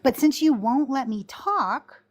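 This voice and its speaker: A woman hosting a call-in debate with a somewhat high voice. She talks in a lively, forceful way, cuts in with rapid repeats, and drops swear words when riled. She is heard over a remote call mic. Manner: animated, interrupts, swears when angry. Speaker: podcast host. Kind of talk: heated debate chat.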